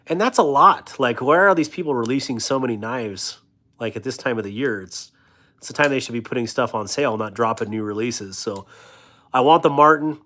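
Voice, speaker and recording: A man's voice: medium pitch, a bit bright. A man in his thirties hosting a casual live stream, reading viewer comments aloud and riffing on them in a loose, rambling, joking way. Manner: reads viewer comments aloud and riffs on them with frequent laughter. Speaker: livestream host of a knife channel.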